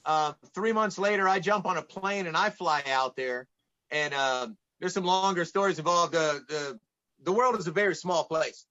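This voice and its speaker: A high, bright man's voice from Atlanta, spinning casual stories as a podcast guest. He acts out the people in his tales as he goes. The audio is a little dull and muffled. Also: normal speed. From United States, Atlanta. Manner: lively anecdotes, acts out quoted dialogue. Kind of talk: casual storytelling in conversation.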